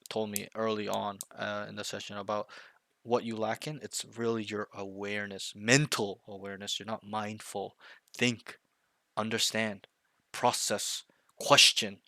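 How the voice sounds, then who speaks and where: Blunt, intense man coaching, bright voice. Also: lowish voice, creaky, no echo. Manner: blunt, intense, pushy with swearing; repeats himself, checks in with okay and right. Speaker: game coach. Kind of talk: one-on-one coaching talk.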